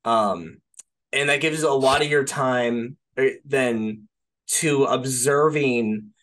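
A man's voice: medium pitch, slow pace, fairly bright tone. Male podcast co-host, casual and rambling, heavy on filler and "right?" checks, swears offhand. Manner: rambling, peppers speech with "like" and "right?". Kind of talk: casual film discussion.

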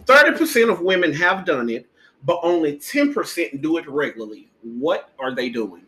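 A man hosting a casual chat show, joking and teasing his guest in loud, slangy talk. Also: fairly high pitch, very animated, moderate pace. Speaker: podcast host. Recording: roomy echo, faint noise.

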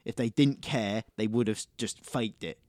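A man's voice: on the low side, normal speed, darkish tone, dry recording, clean studio sound. Blunt, sweary man. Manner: blunt, swears freely, emphatic repetition. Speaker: podcast co-host. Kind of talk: casual podcast chat.

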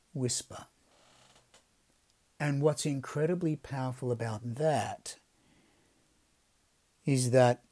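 A man hosting a devotional podcast, speaking in a gentle, reflective way that often drops to soft, quiet phrasing. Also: mid-range voice. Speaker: podcast host.

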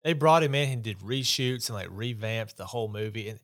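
A man's voice: on the low side, a little fast, fairly bright tone. A man hosting a casual podcast chat, talking in an opinionated, rambling, dismissive way. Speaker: podcast host.

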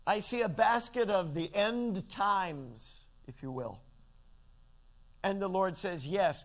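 A man from Central California delivers a sermon in a high, light voice. He swings his pitch and loudness up and down for drama and slows down on the lines he wants to land. He keeps asking his listeners questions. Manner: addresses listeners directly with questions. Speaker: pastor.

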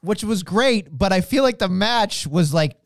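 A man with a smooth, clear voice, a touch higher than most, chatting casually as a podcast co-host. He rambles and restarts his sentences. The sound is dry and close. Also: animated, a little slow, no room sound. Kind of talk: casual wrestling chat.

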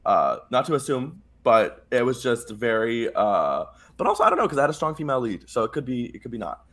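A chatty man co-hosting a casual podcast, talking at a steady middle pitch. He rambles and retells scenes with plenty of fillers, jumping into quoted lines as he goes. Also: a little fast. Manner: rambling, animated, acts out quotes with lots of "like". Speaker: podcast co-host. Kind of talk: casual chat.

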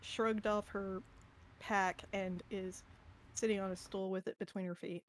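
A woman's voice: medium pitch, fairly even intonation, measured pace, a little hiss or hum. A woman playing in an online tabletop game, hesitant and full of fillers. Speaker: player. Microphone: voice call.

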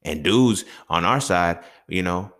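A man's voice: low voice, lively intonation, slow pace, a bit bright. A man hosting a solo podcast, talking bluntly and profanely and often building into emphatic rants. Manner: keeps checking in with the listener. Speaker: podcast host. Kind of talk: unscripted solo podcast monologue.

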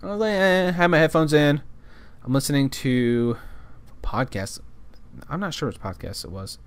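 A man's voice: medium pitch, animated, moderate pace. A man telling a work story in a casual monologue, rambling, repeating words and cursing now and then.

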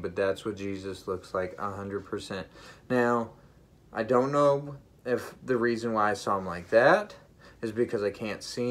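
Earnest male vlogger, slightly low voice, emotional testimony delivered emphatically with halting restarts. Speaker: vlogger sharing a vision.

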